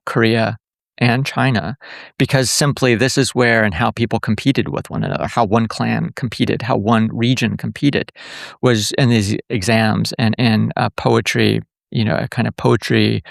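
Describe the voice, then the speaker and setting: A man's voice: on the low side, vocal fry, dry recording, clean studio sound. A man who is a professor, explaining eagerly in a podcast interview with many fillers and restarts. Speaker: guest professor.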